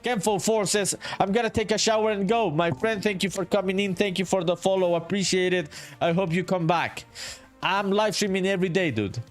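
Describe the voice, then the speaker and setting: A man's voice: high voice, fairly quick, soft background music. Laid-back swearing male game-dev streamer. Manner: laid-back, swears often, calls everyone dude, reads chat aloud. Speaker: solo indie game developer streaming. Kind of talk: casual live-stream chat while working.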